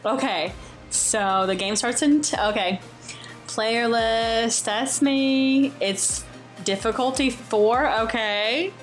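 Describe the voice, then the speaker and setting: A young woman giving excitable, jokey Let's Play commentary as a gaming YouTuber, often exclaiming and shrieking. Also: a little high, takes it slowly. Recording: faint game music behind.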